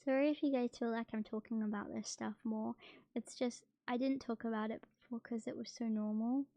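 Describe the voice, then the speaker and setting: A young woman chatting casually on a stream, soft and hesitant, with many fillers. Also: a little high, steady tone, a little fast, creaky, dry recording, lo-fi sound. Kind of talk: casual chat.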